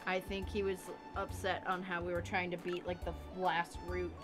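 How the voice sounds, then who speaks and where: A woman's voice: on the low side, monotone, moderate pace, over music. A woman co-hosting a gaming stream, chatting casually in a blunt, profane, joking way. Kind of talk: casual let's-play chat.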